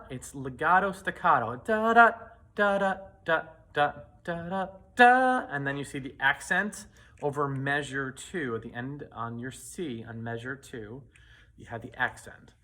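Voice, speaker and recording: A man teaching a flute part, talking students through rhythm and articulation and scatting the phrases on syllables. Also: medium pitch. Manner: scats rhythms on syllables between instructions. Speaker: band teacher. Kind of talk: casual music rehearsal lesson.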